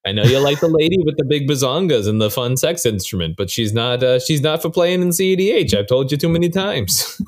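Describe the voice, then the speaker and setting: A man's voice: mid-range voice, big pitch swings, brisk. A man putting on the voice of a disappointed dad scolding a kid, mock-stern, with a thick put-on regional drawl.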